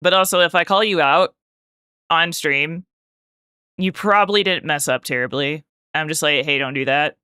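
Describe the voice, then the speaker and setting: A woman streamer chats with her live viewers while she paints, telling a winding story stuffed with "like". Her voice is bright and crisp. The sound is dry and close, with no room echo. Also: low voice, normal speed, pauses often. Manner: rambling storytelling full of "like" fillers; talks directly to chat while painting.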